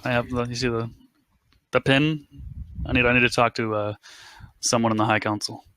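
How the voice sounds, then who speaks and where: A man playing an investigator in a tabletop game, halting and unsure. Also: medium pitch, steady tone, pushed and bright, no room sound. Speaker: player. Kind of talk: in-character tabletop play.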